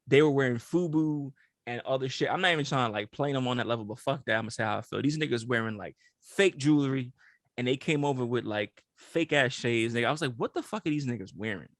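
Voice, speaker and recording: A man's voice: medium pitch, fast, no echo, clean studio sound. A young man co-hosting a podcast, telling stories in casual slang-filled chat and laughing often. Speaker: podcast co-host.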